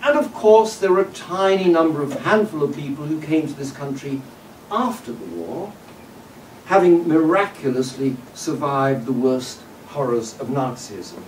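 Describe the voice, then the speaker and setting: A man giving a public lecture, with a fairly high pitch for a man. His delivery is measured and discursive, with frequent "uh" and "um" and wry asides. He is picked up by a distant microphone in a roomy hall, with a faint hum behind him. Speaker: guest lecturer. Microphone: distant room mic.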